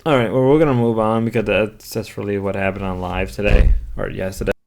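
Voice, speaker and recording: A man's voice: fairly low pitch, fairly even intonation, brisk, darkish tone. A man giving reaction commentary on a stream clip, rambling with hesitant fillers and restarts. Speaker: commentary youtuber.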